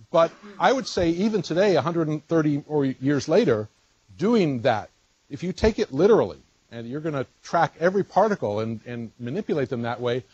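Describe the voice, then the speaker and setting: Male lecturer, colloquium talk, explains with pauses and restarts, slightly husky voice. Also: on the high side, darkish tone, dry recording, lo-fi sound. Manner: explanatory, thinks aloud with fillers and restarts. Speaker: physics lecturer.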